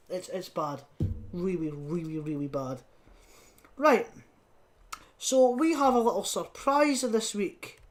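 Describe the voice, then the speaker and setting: A woman co-hosting a podcast in casual film review chat, blunt and scathing, laughing often and swearing casually. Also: medium pitch. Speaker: podcast co-host.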